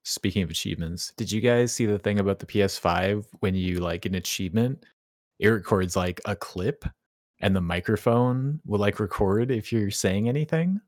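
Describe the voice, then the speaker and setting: A man's voice: on the low side, moderate pace, no echo, studio quality. A man co-hosting a casual gaming podcast, laid-back, agreeing and laughing along with the others. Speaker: podcast co-host.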